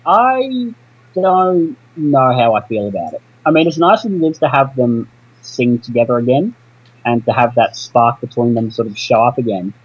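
Brief: male co-host, husky, animated pitch, lo-fi sound. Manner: hesitant, questioning. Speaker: podcast co-host. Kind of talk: casual podcast chat. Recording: dull lo-fi mic.

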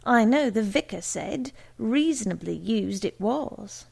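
A woman voicing an eager, pushy young daughter in a read-aloud story, with a slow, gravelly voice. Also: a little high, expressive, darkish tone, heavily acted.

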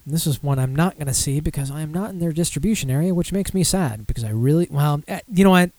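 A man's voice: on the high side, fast, a little mellow, no echo. Rambling young man hosting a podcast. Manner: rambling, self-deprecating, many fillers. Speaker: podcast host. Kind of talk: casual chat and beer news rundown.

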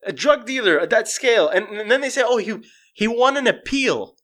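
A man on a casual livestream, ranting in an animated, profane way, his voice jumping up when he gets exasperated. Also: very high-pitched, brisk. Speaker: streamer.

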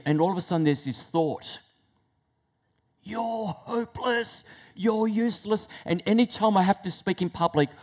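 A man giving a sermon about fear. He tells stories, acts out inner thoughts, and swings between hushed and loud delivery, with frequent restarts. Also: mid-range voice. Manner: repeats words, restarts phrases. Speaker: preacher.

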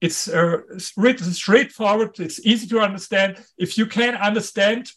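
Emphatic German-accented man, high voice. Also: normal speed, fairly bright tone. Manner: emphatic, repeats key points. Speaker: guest author. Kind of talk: interview.

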